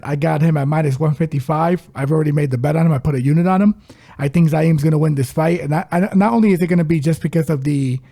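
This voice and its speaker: Gravelly-voiced man talking fight bets. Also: on the high side, dark tone. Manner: confident, emphatic, blunt. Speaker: podcast co-host, betting analyst. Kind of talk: casual sports-betting chat.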